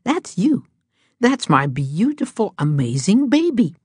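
A woman's voice: medium pitch, sing-song, a little slow, husky, no echo, studio quality, pitched above the performer's own voice. A woman voicing a fond man who coaxes and fusses over his cat, in a storybook reading. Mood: doting. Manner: coaxing, fond.

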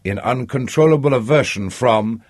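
A man narrating a literary audiobook in a measured, expressive way. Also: mid-range voice, slightly rough, no room sound, clean studio sound.

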